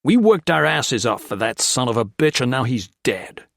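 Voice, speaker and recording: A man's voice: mid-range voice, very animated, normal speed, creaky, fairly bright tone, dry recording, exaggerated voice. A male narrator voicing a volatile prisoner of war who snarls and spits insults, in a dry recording. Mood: furious. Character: volatile American soldier prisoner, screaming.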